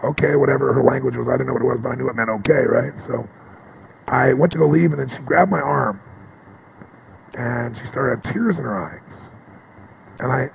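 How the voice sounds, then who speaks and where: Male motivational speaker, very rough, raspy voice, animated personal storytelling, clear background noise on the track. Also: mid-range voice, fairly quick, long pauses. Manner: emphatic, animated storytelling, often asking "right?".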